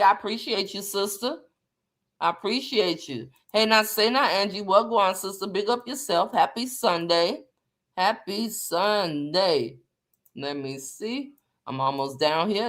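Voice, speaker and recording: A woman hosting a casual live chat, animated and slangy, greeting viewers by name as she talks. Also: mid-range voice. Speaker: livestream host.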